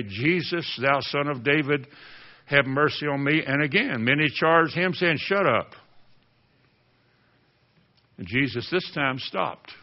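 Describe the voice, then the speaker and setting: Fervent male preacher on lo-fi radio. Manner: passionate, rising to near-shouting then dropping low. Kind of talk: sermon.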